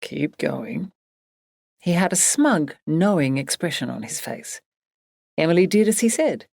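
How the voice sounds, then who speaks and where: An audiobook narrator, a woman, reads a story expressively in a fairly low voice at a normal pace. The scripted narration is studio quality with no room sound.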